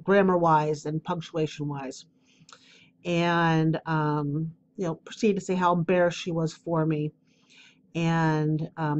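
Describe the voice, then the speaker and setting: In lo-fi sound, a woman with a low-sitting voice hosts her spiritual advice podcast alone. She talks candidly and wanders with fillers, all while a cough drop sits in her mouth.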